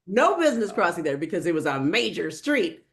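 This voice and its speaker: A woman's voice: on the low side, very animated, fairly quick, gravelly, slight background noise. A woman co-hosting a podcast in casual chat, telling a funny story and laughing at herself. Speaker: podcast co-host.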